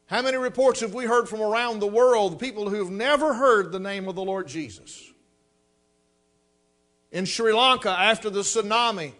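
A man's voice: high voice, sharp tone. A man preaching a sermon, telling folksy stories and rising to emphatic exhortation.

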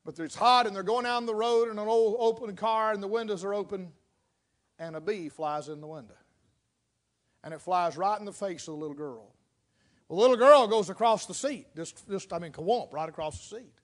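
A male preacher delivering a sermon, telling a story dramatically and swinging between loud bursts and hushed lines. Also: high voice, fairly quick.

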